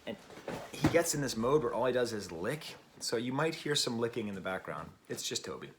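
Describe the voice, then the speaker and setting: A man's voice: mid-range voice, animated, a little fast, background noise. An American man hosting his own record review, musing aloud in a digressive way and searching for the right words. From United States. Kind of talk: casual album review.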